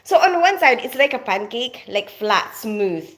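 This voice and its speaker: Her fairly high, bright voice has a sing-song lilt and a measured pace as she hosts a casual live stream from home in North London. Having grown up in the Philippines, she reads viewers' comments, greets people by name, and laughs a lot.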